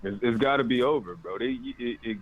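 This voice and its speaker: A man calling in to a talk show, speaking casually and haltingly with slang and restarts. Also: medium pitch. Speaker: caller. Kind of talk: casual call-in chat. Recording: dull lo-fi phone call.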